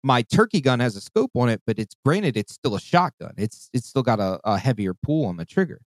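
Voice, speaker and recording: A little fast and mid-range in pitch, this man's voice comes through with no room sound. He tells a long hunting story in an offhand, profane, animated style, imitating voices and calls along the way.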